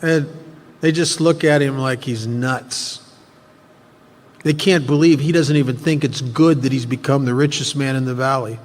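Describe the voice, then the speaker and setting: A man's voice: medium pitch, fairly even intonation, normal speed. A man speaking at a recovery workshop, telling a story earnestly to make a spiritual point. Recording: long hall reverb.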